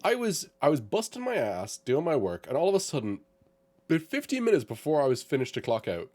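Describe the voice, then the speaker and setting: A man's voice: a little high, wildly swooping pitch, brisk, a little mellow. A young man hosting a casual podcast, retelling a mishap and acting out his own panicked reactions, with some swearing. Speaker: podcast host. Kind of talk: casual chat, animated storytelling.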